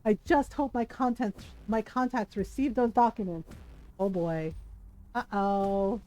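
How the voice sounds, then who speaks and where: A woman streaming a game, chatting casually and telling stories in an animated, laughing way. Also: a little high, a little slow, poor audio. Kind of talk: casual gameplay commentary and storytelling.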